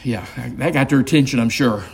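A man's voice: medium pitch, fairly quick, breathy edge. A male pastor leading a Bible study, explaining earnestly and reading aloud with asides.

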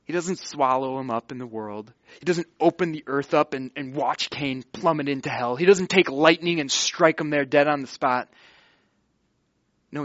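A man preaching a sermon, moving between hushed pleading and loud, emphatic delivery. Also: fairly high pitch, no echo, muffled recording. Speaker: pastor.

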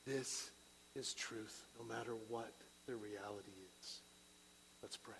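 A middle-aged man preaching a sermon to a church, building to loud, rising peaks and then dropping to quiet, low prayer. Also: steady tone, a little slow, vocal fry, slight background noise, rough recording.

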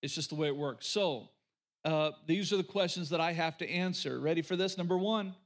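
High-voiced pastor preaching with emphasis. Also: male voice, brisk. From rural Oklahoma. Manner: emphatic, repeats key lines, folksy asides. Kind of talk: sermon.

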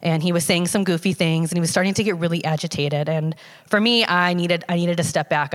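Lower-voiced woman telling a personal story. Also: big-room sound. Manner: conversational with many fillers and restarts. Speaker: storyteller sharing a personal testimony. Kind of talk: casual spoken personal story.

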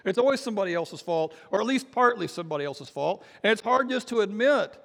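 A man preaching a sermon as pastor, telling a story in a casual, halting way with many fillers and restarts. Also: high voice, animated, vocal fry, fairly bright tone, in a large hall. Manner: acts out quoted voices in a story.

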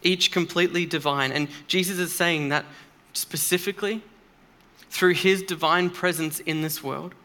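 A man's voice: a little high, sharp tone. A man preaching a sermon in a church, earnest and emphatic, speaking conversationally with occasional fillers.

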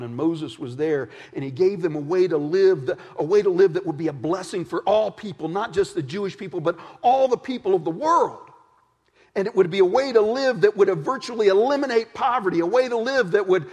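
A male preacher with a high, husky voice tells stories in a relaxed, conversational sermon. His words carry through a large hall with a long reverb. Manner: conversational storytelling with folksy asides.

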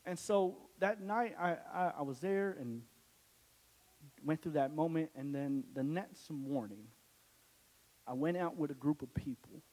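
A man's voice: fairly high pitch, a little slow, darkish tone. A young man giving a casual, joking testimony to a church congregation, with lots of restarts. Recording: long hall reverb.

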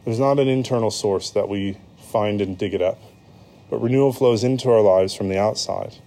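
A man's voice: fairly low pitch, normal speed, mellow. An American man preaching a sermon in a conversational way, with frequent ums and self-corrections. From United States. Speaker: pastor.

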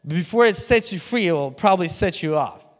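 A man's voice: sits high, animated, fairly quick. Man preaching in a reverberant church hall. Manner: conversational preaching with laughs and asides to the congregation. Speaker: pastor. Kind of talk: sermon.

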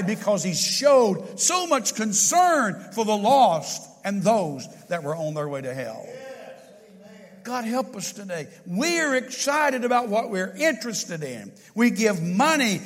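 A man preaching a sermon in a church, impassioned, swinging from loud to hushed. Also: sits high, in a large hall.

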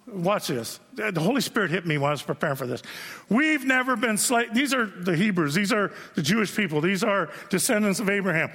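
A man's voice: sits high, lively intonation, fairly quick, a bit bright, husky. A man preaching a sermon as pastor, telling stories in a conversational way and checking in with the congregation with frequent asides. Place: church sanctuary. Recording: long reverb of a large hall.

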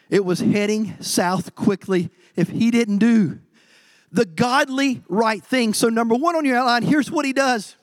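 A middle-aged man preaching a sermon as pastor, swinging from low, quiet stretches to loud, emphatic outbursts. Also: no echo.

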